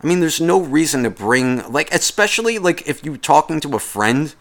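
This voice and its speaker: Male host, comedic rant, fairly high voice, profane and sarcastic. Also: lively intonation, moderate pace. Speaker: podcast host.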